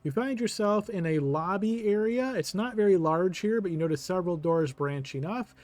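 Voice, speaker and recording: A man's voice: high-pitched, expressive, moderate pace, darkish tone, dry recording. Easygoing man running a tabletop game. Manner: easygoing, with frequent filler words. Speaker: game master.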